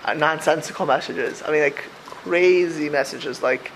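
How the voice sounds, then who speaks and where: A man's voice: on the high side, moderate pace, fairly bright tone, a little hiss or hum. A man giving an informal religious talk to a small group. He rambles with many restarts and mixes Hebrew and Yiddish terms into his speech. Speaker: religious teacher.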